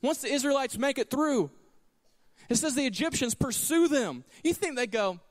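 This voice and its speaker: A man's voice: very high-pitched, lively intonation, normal speed, in a large hall. A man preaching a sermon as pastor, telling stories with animation and acting out the lines he quotes. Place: church sanctuary.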